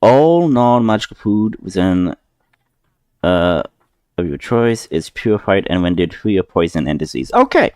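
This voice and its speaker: A man narrating as game master of a tabletop game in a slow, halting way, with many fillers. His voice sits low but swings widely in pitch. The recording is dry, with no room echo. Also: big pitch swings, a little mellow, smooth.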